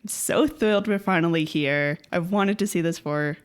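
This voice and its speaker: A woman co-hosts a podcast in loose, casual chat. Her voice sits a little low, and she laughs easily and often, with plenty of fillers between her thoughts. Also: moderate pace, smooth. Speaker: podcast co-host.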